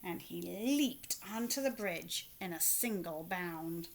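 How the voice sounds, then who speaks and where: A woman reading a picture book aloud to children, expressive, with asides to her young listeners. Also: lowish voice. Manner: slow, expressive read-aloud with asides to kids. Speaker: children's story reader.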